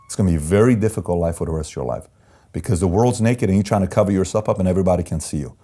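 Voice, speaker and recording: A man who is an entrepreneur, being interviewed and telling candid stories in an animated, emphatic way that repeats key phrases. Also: sits low, very fast. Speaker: entrepreneur guest.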